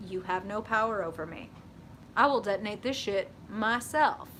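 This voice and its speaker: A young woman hosting a live tarot reading, chatting with viewers in an animated, casual way, swearing freely and saying "like" often. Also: mid-range voice, normal speed, a little hiss or hum.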